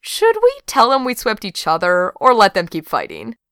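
A woman voicing a brash, excitable young woman who is loud, blunt and swears freely. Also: mid-range voice, normal speed, clean tone, dry recording, studio quality, voice pushed up. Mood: teasing.

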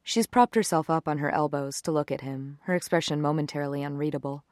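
A woman reading a romance story aloud in an intimate, unhurried way, close to the microphone. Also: low voice, darkish tone, dry recording. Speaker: narrator.

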